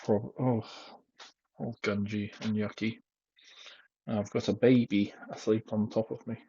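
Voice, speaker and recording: A young man chats casually from home, rambling and self-deprecating, with plenty of fillers along the way. His voice sits low and a little husky. It comes through a dull, lo-fi headset mic that clips now and then. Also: flat delivery, measured pace, mellow, no room sound. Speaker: vlogger. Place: home, indoors. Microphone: headset microphone.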